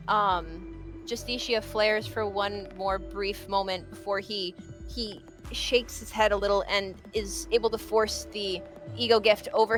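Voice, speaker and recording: Hesitant, slow-talking woman player. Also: medium pitch, a bit bright. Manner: hesitant, many ums and restarts. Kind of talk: describing her character's actions in a tabletop game.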